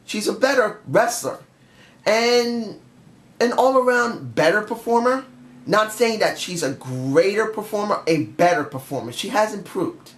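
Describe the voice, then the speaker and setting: A man who reviews wrestling shows gives an emotional, passionate review in a casual monologue straight to his viewers. His high voice is animated and a little slow, and the room is echoey.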